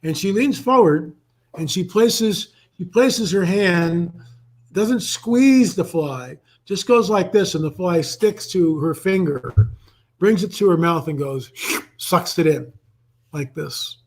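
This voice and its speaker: An older man, a guest researcher in a live online interview, telling a story in an animated way and acting out the voices of the people in it. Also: high-pitched, slow, poor audio.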